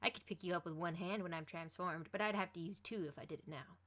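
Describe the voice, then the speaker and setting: A woman voicing a flustered, secretive teenage girl superhero, hushed and nervous. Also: lowish voice, fast talker.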